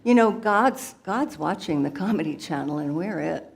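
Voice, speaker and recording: A woman's voice: on the low side, expressive, moderate pace, vocal fry, very noisy. A woman putting on a brash jokey lady guru. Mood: jovial. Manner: boisterous, jokey, laughing between lines. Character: playful brash female guru alter ego.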